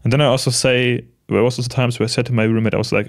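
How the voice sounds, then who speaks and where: A man in his late twenties talking to the camera in a casual, reflective monologue, gentle and halting, with many restarts and soft laughs. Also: medium pitch, fairly even intonation, creaky. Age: late 20s. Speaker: vlogger.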